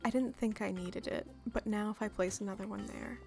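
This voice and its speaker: A woman streaming a game, chatting excitedly and sometimes dropping to a soft whisper. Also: mid-range voice, a little fast, gravelly. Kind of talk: casual live-stream commentary. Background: game music.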